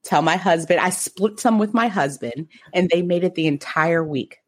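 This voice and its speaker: A woman chatting casually as a podcast co-host, telling stories in an animated, playful way. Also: on the low side, moderate pace. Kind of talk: casual group chat.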